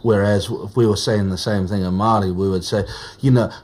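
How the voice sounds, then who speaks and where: A man's voice: fairly low pitch, fairly even intonation, darkish tone. A man with a New Zealand accent talking in an interview, explaining with frequent restarts. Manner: halting, restarts while explaining. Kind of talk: casual interview talk.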